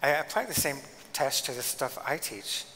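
Animated male lecturer in a reverberant hall. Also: mid-range voice, normal speed, slight background noise. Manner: animated, emphatic, acts out quoted speech. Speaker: guest lecturer and pastor. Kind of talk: lecture with storytelling.

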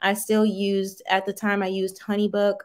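A woman's voice: medium pitch, completely flat delivery, normal speed, a little mellow. A woman in her thirties chatting casually on a livestream, answering viewer comments in a folksy, talkative way. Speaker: livestream host, small business owner.

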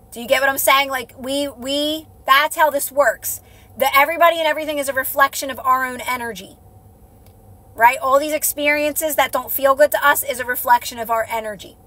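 On a casual live stream recorded by phone, a woman who works as a manifestation coach talks to her viewers. Her voice sits high and has a sharp tone. She is an adult with a child, and her earnest, repetitive style keeps checking in with "right?"

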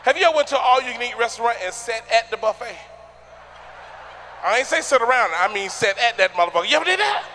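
Loud, high, bright-voiced male stand-up comic. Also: lively intonation, quick pace, slight background noise. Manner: loud, rowdy, shouting punchlines at the crowd. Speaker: stand-up comedian. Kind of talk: stand-up comedy routine. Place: theater stage.

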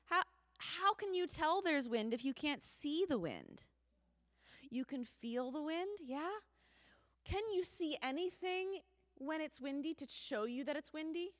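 A woman leads a children's sermon in a church sanctuary, telling the story slowly and drawing the children in with questions. Her voice is fairly high and swoops animatedly, with a long reverb hanging in the room. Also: sing-song.

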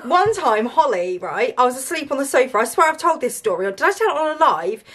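A woman's voice: high-pitched, very animated, fairly quick, a bit bright, a little hiss or hum. A woman vlogging as a mother, chatting casually, swearing freely and laughing often. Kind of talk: casual vlog chat.

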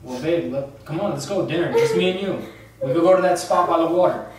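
Young man, mid-pitched and casual, coaxing with repeated questions, recorded from a distance in an echoey room with faint background noise. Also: brisk. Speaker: boyfriend in a prank video. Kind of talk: casual talk at home. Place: indoor room at home.

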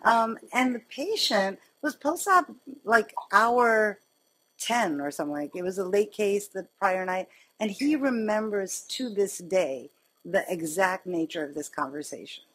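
A woman surgeon giving a lecture, telling personal stories in a conversational, animated way. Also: mid-range voice, unhurried, slight background noise, rough recording. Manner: conversational, animated storytelling with laughs. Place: lecture hall.

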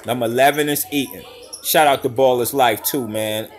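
A man doing casual, slangy live reaction commentary over basketball highlights, hollering and laughing at big plays. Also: normal speed.

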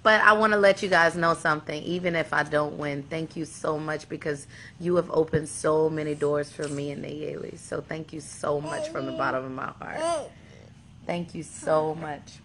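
Young woman, low and unhurried, tearful and halting, thanking fans, faint hiss. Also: steady tone. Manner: tearful, halting, with restarts and soft laughs. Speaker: singing contestant addressing fans. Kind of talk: emotional thank-you video to fans.

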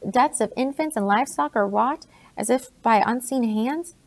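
A woman reading an audiobook, voicing a blunt, grave older colonial gentleman in her own plain voice. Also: on the high side, normal speed.

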